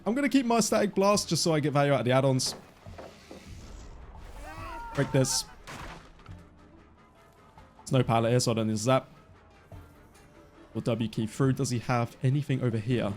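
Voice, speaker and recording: A man in his twenties giving live, excitable commentary on his own gameplay as a streamer. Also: mid-range voice. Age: 20s. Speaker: gaming streamer.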